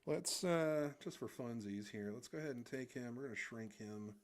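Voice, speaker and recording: A man's voice: mid-range voice, normal speed. A man streaming while he draws, goofing around and humming to himself into a desk microphone. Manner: goofy, rambling, hums while drawing. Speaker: streamer and artist. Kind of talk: casual live drawing stream.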